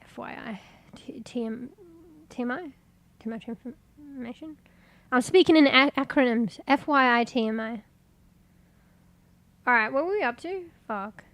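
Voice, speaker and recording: A woman's voice: fairly high pitch, measured pace, long pauses, a bit bright. Chatty woman streamer. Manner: rambling, chatty, swears casually. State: congested. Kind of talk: casual stream chat.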